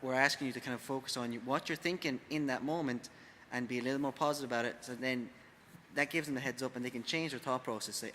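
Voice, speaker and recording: An Irish man with a bright, forceful voice co-hosts a casual podcast, speaking in loose, halting sentences full of fillers. His voice carries a long reverb. Faint background noise sits behind him. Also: mid-range voice, steady tone. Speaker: gym coach and podcast co-host.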